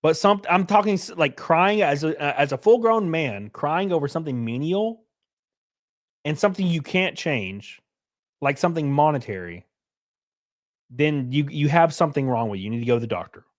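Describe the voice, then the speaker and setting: A male streamer in a casual live-stream rant, blunt and profane, who reads chat aloud between points. His voice sits a little high for a man and swings widely in pitch. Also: animated, moderate pace. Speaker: streamer host.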